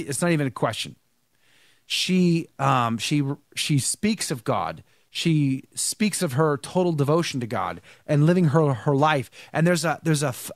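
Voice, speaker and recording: A man's voice: mid-range voice, dry recording, clean studio sound. A male show host giving casual, emphatic commentary, repeating himself with many restarts, and sounding tired.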